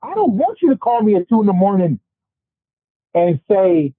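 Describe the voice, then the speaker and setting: A man on a casual podcast discussion, ranting in an animated, profane way. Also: sits high, normal speed, long pauses, dry recording. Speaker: podcast panelist. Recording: tinny phone-like, dry sound.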